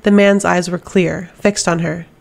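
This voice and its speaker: A woman narrating an audiobook in a steady, measured way. Her voice is fairly low and carries a gravelly fry. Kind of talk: scripted narration.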